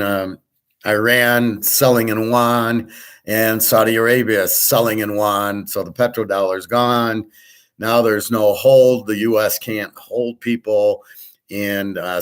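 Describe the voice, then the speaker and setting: A man hosting his show, giving blunt, profane, opinionated commentary in a rambling casual way. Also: fairly low pitch. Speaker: host.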